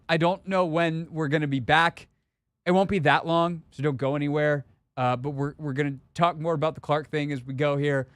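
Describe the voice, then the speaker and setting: A man's voice: on the high side, dry recording. Laid-back radio host guy in a dry studio, joking around with guests. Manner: relaxed, jokey interviewer. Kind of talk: casual radio talk. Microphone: studio microphone.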